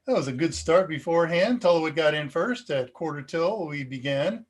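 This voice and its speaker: An American man hosts a live tech question-and-answer stream with a rambling, chatty delivery full of ums and asides. His voice sits a little high for a man. He talks into a cheap USB microphone. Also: lively intonation, measured pace. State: slightly dizzy and foggy. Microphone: cheap USB desk microphone.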